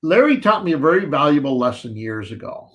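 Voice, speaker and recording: A man's voice: on the high side, sing-song, fairly quick, a bit bright, dull audio. A man co-hosting a live fishing show, chatting animatedly and reading out viewer questions.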